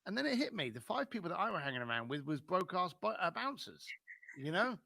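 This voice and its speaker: A middle-aged man with a London accent, a podcast guest telling his life story in an animated way and acting out other people's lines. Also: high-pitched, fast talker, vocal fry, no room sound, studio quality. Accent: London English. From London, England.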